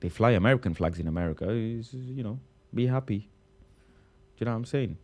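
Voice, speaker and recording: Playful Mancunian man with a mellow, low voice. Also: animated, fairly quick. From Manchester, England. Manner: playful mock-indignant, repeating himself with big pitch jumps. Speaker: live streamer reading chat. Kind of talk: casual livestream banter.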